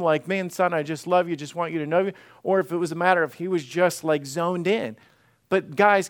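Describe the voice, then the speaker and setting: A man's voice: a little high, a bit bright, smooth. A male pastor preaching an interactive sermon, acting out Bible scenes and putting questions to the congregation.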